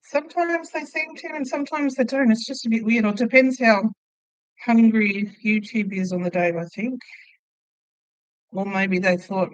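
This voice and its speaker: A woman's voice: a little high, moderate pace, dry recording, lo-fi sound. An Australian woman chatting casually with viewers on her crochet livestream, telling stories and laughing often. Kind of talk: casual live chat reading viewer comments.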